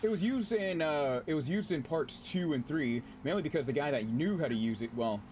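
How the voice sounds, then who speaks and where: Male game streamer, chatty and excitable, pitch swinging widely, slightly high voice, faint noise behind. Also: fairly quick. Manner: excitable and chatty, swears freely, often laughs. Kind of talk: casual gameplay commentary.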